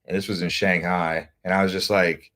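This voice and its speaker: A man's voice: sits low, little pitch movement, normal speed, a bit bright. A man, a travel vlogger, casually telling a rambling story with lots of filler words and restarts. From United States. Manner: rambling, loose delivery, many "like" fillers and restarts.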